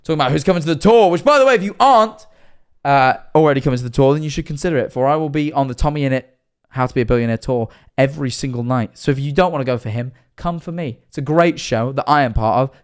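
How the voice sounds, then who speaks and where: A man's voice: mid-range voice, fast talker, few pauses, a little mellow, clear, resonant tone. A young man, chatting and joking with viewers during a live-stream reaction.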